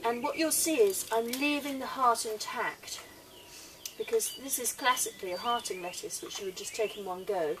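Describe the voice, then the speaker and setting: A woman's voice: a little high, moderate pace. A woman with an English accent, presenting a casual gardening how-to with chatty enthusiasm, recorded outdoors in a rural garden. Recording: distant mic outdoors with background noise.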